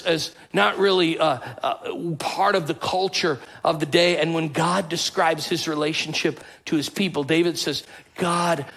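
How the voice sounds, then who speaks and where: A man's voice: on the high side, creaky, a bit bright, poor audio. A male pastor preaching a conversational sermon and calling out to his congregation.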